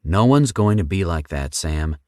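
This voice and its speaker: A calm, protective young big brother, read by a man in an audiobook. The voice stays low and steady, with a reassuring manner. The sound is dry, with no room around it. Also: moderate pace, no echo. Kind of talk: audiobook character voice.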